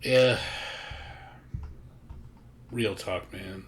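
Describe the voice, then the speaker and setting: A man's voice: on the low side, moderate pace, slight background noise. A man streaming a game, chatting casually with a blunt, profane, ranting manner. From United States. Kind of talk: casual chat.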